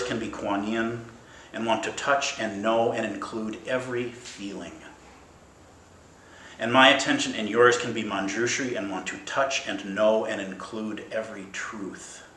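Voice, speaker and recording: A man giving a playful, emphatic dharma talk as a Zen teacher, swinging between loud bursts and soft, slow passages. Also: fairly low pitch, a little hiss or hum. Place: meditation hall at a Zen center. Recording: roomy hall with faint ambience.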